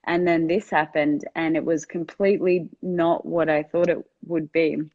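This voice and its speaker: A woman's voice: low-pitched, steady tone, moderate pace, warm tone, muffled recording. A woman entrepreneur telling a candid, reflective story in an interview, with a conversational style full of fillers. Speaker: entrepreneur guest.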